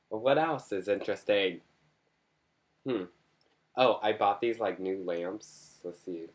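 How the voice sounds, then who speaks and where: A man with a low, deep voice chats straight into his camera at home-video ease. He rambles from one topic to the next, joking and poking fun at himself as he goes. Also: extremely slow, long pauses. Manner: rambling, joking and self-mocking. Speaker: vlogger. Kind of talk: casual chat to camera.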